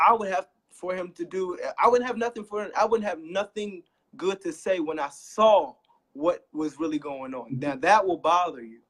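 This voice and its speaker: A young man sharing a painful personal story on a talk show, earnest and close to tears, repeating himself for emphasis. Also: a little high. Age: young adult. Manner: earnest, repeats phrases, voice rising when emphatic. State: holding back tears. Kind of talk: emotional personal testimony.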